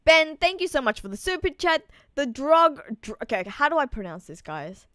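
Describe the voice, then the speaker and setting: A woman's voice: sits high, very animated, normal speed, a bit bright, no room sound, clean studio sound. A woman chatting casually on a live stream, reading out and answering viewer messages. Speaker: streamer reacting to a manga chapter.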